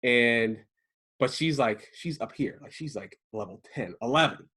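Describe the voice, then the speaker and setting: A man in his thirties from Maryland telling a story in casual chat, acting out the quotes with lively jumps in his voice. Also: a little slow, husky. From Prince George's County, Maryland. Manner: animated, acts out quotes with big jumps in pitch. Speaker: podcast co-host telling a story.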